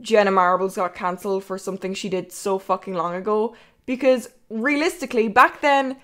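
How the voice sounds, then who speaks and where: A woman's voice: mid-range voice, fairly quick, a bit bright. A young Irish woman streaming, chatting casually in a rambling way and swearing freely.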